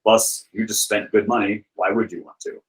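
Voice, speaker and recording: A man with a fairly low voice chats as a podcast guest. He tells stories in a loose, rambling way, full of "like" and "you know". His delivery is animated and easygoing. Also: normal speed, poor audio. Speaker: guest, film director and author. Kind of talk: casual podcast interview.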